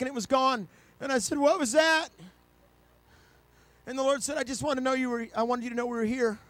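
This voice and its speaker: A man preaching an impassioned sermon, swinging from quiet storytelling to shouted, excited passages. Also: very high-pitched, no echo.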